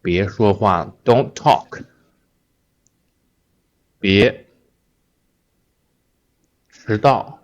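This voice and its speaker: A man's voice: on the low side, extremely slow, long pauses. A man whose first language is Chinese, teaching a language lesson patiently, repeating words with many fillers. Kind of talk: slow explanatory lesson.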